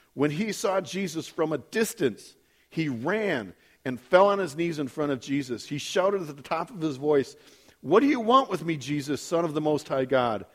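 A man with a fairly high voice reads scripture to a group, then breaks off into relaxed, chatty commentary. He keeps checking in with the room and jumps up in pitch whenever he acts out a quote. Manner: casual asides with frequent "right?". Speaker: Bible study leader. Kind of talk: Bible reading with commentary.

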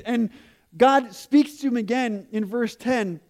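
A man's voice: very high-pitched, takes it slowly, darkish tone. A man preaching a sermon to a congregation with kids, telling a story animatedly and acting out the quotes. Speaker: pastor.

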